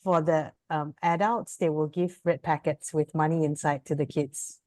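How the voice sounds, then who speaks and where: A woman's voice: low voice, steady tone, moderate pace, darkish tone. A woman guest joining a casual chat, answering in a hesitant way with many fillers.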